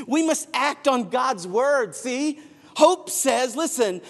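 A man preaching a sermon as pastor, telling a story and building to shouted emphasis. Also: extremely high pitch, expressive, slow. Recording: long hall reverb.

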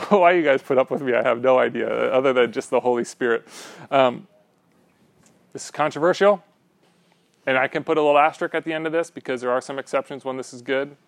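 A man delivers a sermon like a friendly chat, tossing in "right?" and playful asides. His voice sits in an ordinary middle pitch. The sound is dry and close. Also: normal speed, gravelly, pauses often, dry recording. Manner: conversational, repeats "right?" often. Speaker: teacher.

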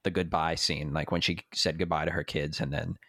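A man's voice: extremely low pitch, flat delivery, a little fast, gravelly, a bit bright, dry recording, clean studio sound. A man co-hosting a casual podcast chat about a TV episode, enthusiastic and checking his notes. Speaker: podcast co-host.

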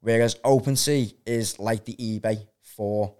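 A man's voice: lowish voice, steady tone, measured pace, darkish tone, smooth. A man with a Liverpool accent, casually explaining things at length in a podcast chat. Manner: explains at length, self-taught enthusiast. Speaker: guest explaining crypto tokens.

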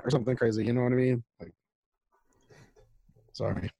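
A man's voice: mid-range voice, fairly quick, creaky, warm tone, breathy edge, no room sound, low-quality recording. A man co-hosting a podcast, chatting casually and rambling about food and guitar gear. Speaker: podcast co-host. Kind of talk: casual chat. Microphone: home mic over video call.

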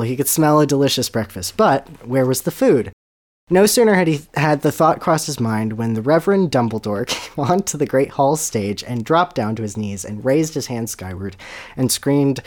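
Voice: medium pitch, expressive, normal speed. A podcast host reading fan fiction aloud with sarcastic, giggly narration.

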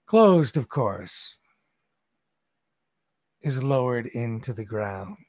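Dry-voiced game master narrating. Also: male voice, medium pitch, measured pace, a little mellow, no room sound. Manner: rambling, conversational.

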